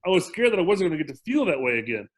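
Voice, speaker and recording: A man guest telling his recovery story in a casual interview, animated and acting out quotes, often restarting his sentences. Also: fairly high pitch, very fast. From lived in Mexico for ten years. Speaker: podcast guest, sober living director.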